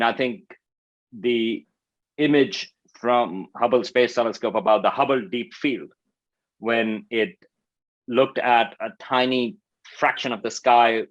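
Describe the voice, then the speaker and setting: A man's voice: mid-range voice, a bit bright, muffled recording. A man from Pakistan with a Pakistani accent, speaking as an astrophysicist guest in an interview, thoughtful and enthusiastic with many fillers and restarts. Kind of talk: conversational interview.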